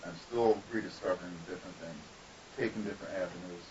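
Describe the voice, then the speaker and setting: A man's voice: low-pitched, fast. A man, a guest artist, telling rambling, profane stories in a casual podcast interview. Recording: distant, dull lo-fi mic with faint hiss.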